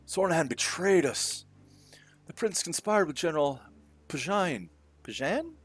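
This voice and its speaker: A man's voice: fairly high pitch, expressive, slightly rough. A young man playing through a game, reading every character's lines aloud with shifting voices and swearing at the twists. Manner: does quick voices for each character, swears. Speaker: let's play gamer. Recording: faint game music behind.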